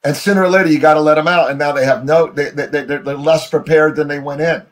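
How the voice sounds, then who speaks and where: A man's voice: a little high, steady tone, fast talker. Rambling American man telling stories. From United States. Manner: rambling, full of "you know" and restarts. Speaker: guest. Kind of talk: casual interview storytelling.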